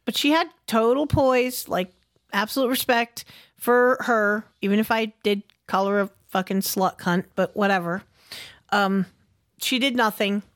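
A woman's voice: mid-range voice, no echo, studio quality. A woman co-hosting a podcast, telling a story in a blunt, emphatic, heavily profane way. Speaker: podcast co-host.

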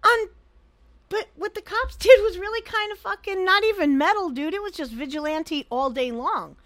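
A woman with a high voice co-hosts a casual podcast, talking bluntly and swearing freely. Her opinions come out animated and outspoken. The recording is dry and close to the mic. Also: moderate pace, no room sound. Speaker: podcast co-host. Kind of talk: casual chat.

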